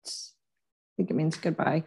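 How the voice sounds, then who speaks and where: A woman's voice: takes it slowly, darkish tone. Playful woman hosting a quiz. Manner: playful, teasing, reads out game questions. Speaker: co-host running a quiz game. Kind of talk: casual chat.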